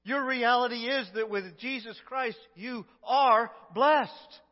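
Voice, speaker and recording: A pastor with a high voice preaches slowly, leaning hard on some words and dropping to near hushes on others. He sounds like he is in a church hall, with a long reverb tail. The recording is dull and lo-fi. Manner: emphatic preaching with swings between loud and hushed. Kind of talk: sermon. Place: church sanctuary.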